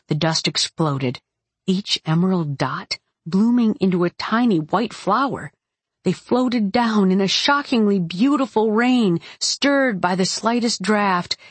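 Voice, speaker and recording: Husky, low woman narrating an audiobook. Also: dry recording. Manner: tense, clipped action narration. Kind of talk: first-person fantasy audiobook narration.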